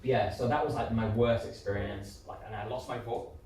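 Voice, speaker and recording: A man's voice: on the low side, fairly even intonation, normal speed. A man in his thirties, a musical theatre performer interviewed live on stage, talking candidly with many fillers and restarts. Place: community centre hall before an audience. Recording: echoey hall, distant mic, faint noise.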